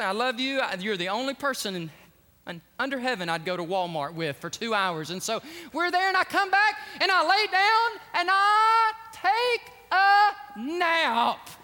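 High, lively preaching man in an echoey hall. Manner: animated, exclamatory preaching with joking asides. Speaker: pastor. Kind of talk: sermon. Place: church sanctuary at the pulpit.

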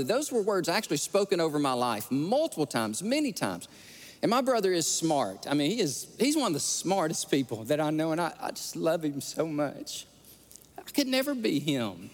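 Earnest preacher man, high lively voice. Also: moderate pace. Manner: earnest, emotional storytelling with repeated words. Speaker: pastor. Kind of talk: sermon. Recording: long hall reverb.

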